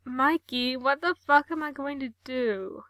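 A woman's voice: sits high, unhurried, sharp tone, no room sound. A woman voicing a panicky man who keeps swearing and pleading for help. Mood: frantic. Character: frantic naked man stuck in a bath.

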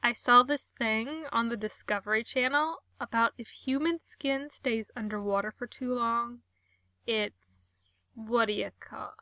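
Woman doing a slow, gloomy young woman. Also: on the high side, sharp tone, no room sound, full character voice. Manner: slow, darkly earnest.

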